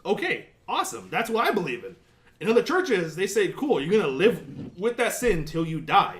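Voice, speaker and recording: A man's voice: sits high, normal speed. A man co-hosting a casual podcast chat, swearing often and acting out quotes as he tells stories. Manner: profane, animated storytelling with acted-out quotes. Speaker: podcast co-host.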